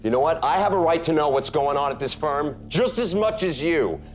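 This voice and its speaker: A man's voice: a bass voice, fairly quick, gravelly, soft background music. An actor playing a petty, resentful male lawyer who speaks bitterly and coldly. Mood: indignant. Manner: bitter and cold. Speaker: law firm partner. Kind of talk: TV drama acting.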